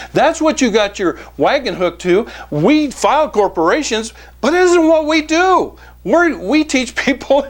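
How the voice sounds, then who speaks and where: A man who is a business coach and author, giving a direct-to-camera sales pitch in a folksy manner, calling his listeners "folks" and hammering points with repetition. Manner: folksy, keeps addressing "folks", emphatic repetition.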